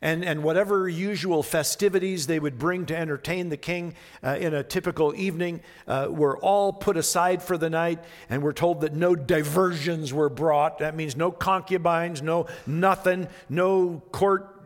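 A man's voice: on the high side, steady tone, normal speed, hardly any pauses. A male pastor preaching a sermon, reading scripture with dramatic emphasis and then talking it over conversationally. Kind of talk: expository sermon. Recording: long hall reverb.

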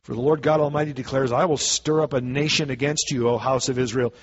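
A man's voice: mid-range voice, fairly even intonation, fast, lo-fi sound. A man preaching a sermon, reading scripture aloud and then explaining it in casual everyday words. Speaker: pastor.

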